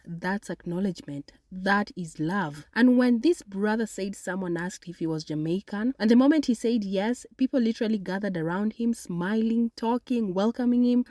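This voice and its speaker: A woman's voice: medium pitch, darkish tone, no room sound, studio quality. A woman from Africa, hosting with earnest, scripted narration between clips. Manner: heartfelt, earnest commentary. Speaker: host.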